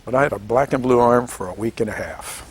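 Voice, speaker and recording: A man in his seventies from Washington State, telling his story in an oral history interview, animated and chuckling, acting out the voices of people he quotes. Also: mid-range voice, quick pace, slight background noise. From Washington State, United States. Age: 70s. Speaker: veteran interviewee.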